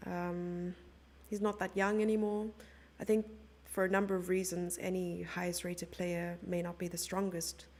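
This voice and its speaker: A woman's voice: fairly low pitch, flat delivery, moderate pace, a little mellow. A young woman commenting on chess live and chatting playfully with her viewers. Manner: chatty, playful, reads out and answers chat.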